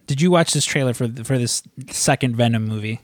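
A man's voice: medium pitch, a little fast, dry recording, studio quality. Rambling, profane male podcast host. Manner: rambling, profane, frequent restarts. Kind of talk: casual podcast chat.

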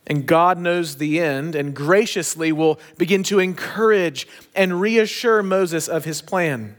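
A pastor preaching a sermon, telling a story with emphatic, shifting pace. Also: male voice, on the high side.

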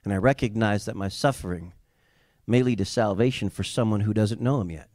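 A man preaching a sermon as a pastor, building to loud emphatic peaks and dropping into relaxed, joking asides to the congregation. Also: fairly low pitch, a little fast, no echo, studio quality. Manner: conversational asides with humor.

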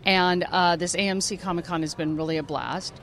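A woman's voice: lowish voice, steady tone, brisk, a bit bright, a little hiss or hum. A woman voice actress chatting as a guest in an interview at a comic convention, laughing often as she tells anecdotes. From United States. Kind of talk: casual interview chat.

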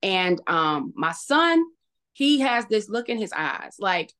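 A woman's voice: mid-range voice, sing-song, fairly bright tone. Woman telling a painful personal story. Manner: emotional, halting retelling with restarts. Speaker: podcast guest. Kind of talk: personal story in a podcast interview.

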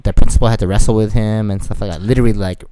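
Easygoing, low-voiced man in a casual chat. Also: steady tone, racing, warm tone, dry recording. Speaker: podcast co-host.

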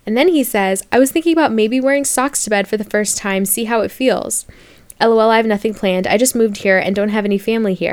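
A woman's voice: on the high side, fast, clean tone. A young woman podcaster telling a dating story in a casual monologue, sarcastic and exasperated, with bursts of mock outrage. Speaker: podcast host.

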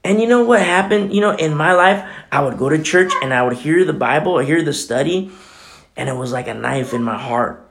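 A middle-aged man preaching a sermon as pastor, swinging between loud exclamations and hushed, near-whispered prayers. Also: on the high side, animated, moderate pace, gravelly, a little hiss or hum.

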